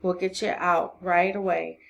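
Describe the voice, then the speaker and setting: A woman voicing a quiet, practical young man who speaks softly. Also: fairly low pitch, level tone, measured pace, gravelly, dull audio. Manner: soft-spoken.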